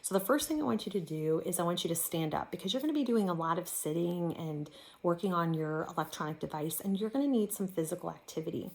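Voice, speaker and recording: A woman's voice: lowish voice, lively intonation, quick pace. Woman teaching an online drama class. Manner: clear, encouraging classroom instructions. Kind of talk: recorded online class lesson.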